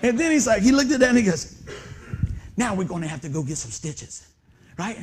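A man preaching a humorous storytelling sermon in a church, animated and laughing often, breaking into excited whoops. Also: high-pitched, a little fast, a little hiss or hum. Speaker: pastor. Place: church sanctuary before a congregation.

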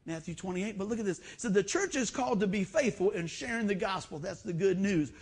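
High, husky preacher man. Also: animated, a little fast. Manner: folksy storytelling, acts out quoted voices. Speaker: pastor. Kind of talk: sermon. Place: church.

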